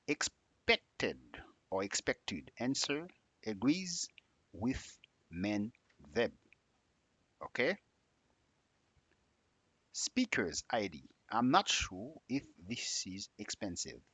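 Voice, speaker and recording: Male English teacher, slow deliberate delivery, husky voice, dry close sound, lively exaggerated pitch on question tags. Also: no echo. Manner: drills example sentences with exaggerated rising tags. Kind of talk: slow spoken grammar lesson.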